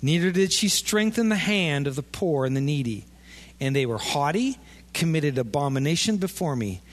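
Lively man preaching in an echoing hall. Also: fairly high pitch, normal speed. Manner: animated, acts out imagined dialogue. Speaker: pastor. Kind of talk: sermon. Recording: long echo of a large hall.

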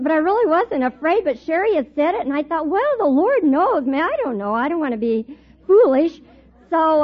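A middle-aged woman teaching a Bible class, telling a personal story in a lively way and laughing often as she talks. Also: fairly high pitch. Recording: tinny phone-like recording.

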